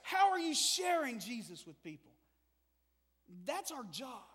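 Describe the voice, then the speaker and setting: A man preaching a sermon in a church, animated and swinging from quiet to loud. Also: very high-pitched, measured pace, big-room sound. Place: church sanctuary.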